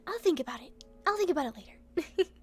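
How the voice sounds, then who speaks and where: A woman's voice: sits high, animated, brisk. A young woman streaming, chatting casually, giggling often and hiccuping now and then. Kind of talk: casual chat.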